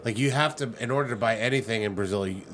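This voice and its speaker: A man's voice: mid-range voice, quick pace, fairly bright tone, slight background noise. Laid-back male podcast co-host. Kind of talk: casual chat.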